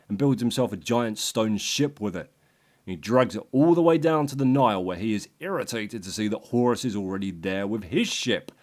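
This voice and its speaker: A man narrating a myth as a crude, sardonic comic story. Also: lowish voice. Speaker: host.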